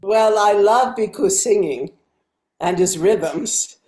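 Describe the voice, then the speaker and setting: A woman speaking as a guest from her dance studio on a video call, in a measured, reflective way. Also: medium pitch, dark tone, echoey room.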